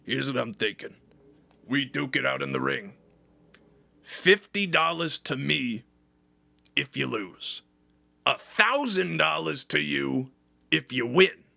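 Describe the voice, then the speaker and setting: A man's voice: medium pitch, expressive, slow pace, gravelly, long pauses, sharp tone, heavily acted. A man voicing his pushy, swearing restaurant boss who keeps goading him into a fight. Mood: scheming. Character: brash male restaurant boss, aggressive and goading.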